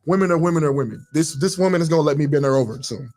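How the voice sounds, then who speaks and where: A man telling stories in casual chat, quick and animated, swearing freely. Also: on the high side, soft background music. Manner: storytelling with quoted voices, swearing.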